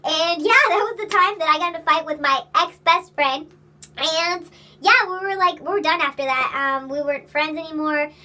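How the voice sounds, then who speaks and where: Very high, bright-voiced young woman. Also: normal speed. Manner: rambling, profane, laughs while telling. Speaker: vlogger. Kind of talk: casual storytime chat.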